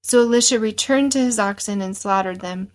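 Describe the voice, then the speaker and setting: A woman's voice: mid-range voice, a little fast, rough recording. A woman teaching a Bible lesson, reading verses aloud and explaining them in an earnest, simple way.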